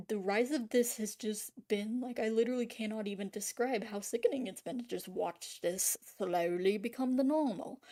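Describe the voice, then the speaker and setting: Casual rant, woman, mid-pitched voice, swears a lot, restarts sentences and trails off. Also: dark tone. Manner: rambling, profane, many restarts and trailing-off fillers. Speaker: artist ranting on camera.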